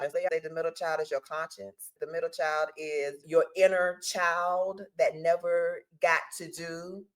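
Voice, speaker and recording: A woman in her forties co-hosts a podcast in a heartfelt, casual way. Her voice sits low, and she laughs often while she opens up about her family. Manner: emotional, laughs a lot. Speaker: podcast co-host. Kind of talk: casual chat.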